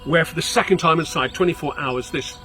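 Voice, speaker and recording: Guy telling a spooky local tale outdoors, dramatic, goes quiet then loud, bit of music under it. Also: on the high side, fast talker. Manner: theatrical, shifts between hushed and loud. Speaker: local history guide. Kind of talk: dramatic storytelling. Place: outdoors on location.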